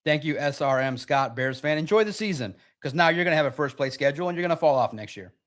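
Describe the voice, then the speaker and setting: Live-stream sports host, male, slightly high voice, animated and sarcastic, reads chat aloud. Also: fast talker.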